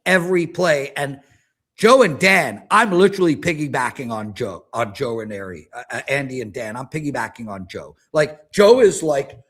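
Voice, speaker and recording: A man in his fifties, a sports betting handicapper in casual panel chat, ranting in an animated, self-mocking way. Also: medium pitch, moderate pace. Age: 50s.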